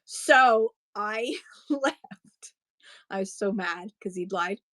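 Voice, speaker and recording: A woman's voice: mid-range voice, fairly bright tone, no room sound. Chatty woman with a dry close voice. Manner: chatty, digressive, quick to laugh. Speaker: live-stream seller. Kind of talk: casual chat while selling.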